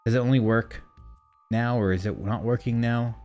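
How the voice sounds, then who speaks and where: A man's voice: medium pitch, fairly even intonation, moderate pace, darkish tone, faint music behind. Rambling, profane young streamer man. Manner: rambling, profane, self-mocking. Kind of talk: casual streaming chat. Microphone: desk mic through a streaming mixer.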